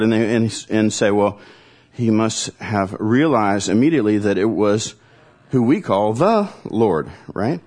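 A man preaching a conversational sermon, teaching with dramatic pauses and reading scripture aloud. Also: lowish voice, animated, a little mellow. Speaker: pastor.

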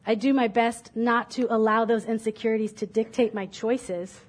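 A woman's voice: on the high side, steady tone, moderate pace. A woman preaching a sermon from a church stage, reading a parable aloud and then speaking candidly and reflectively about her own doubts.

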